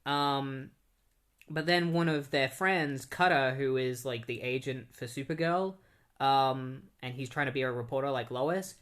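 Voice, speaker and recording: A man's voice: medium pitch, fairly even intonation, unhurried, fairly bright tone. A young man casually recapping and reviewing a comic book in a rambling, conversational way.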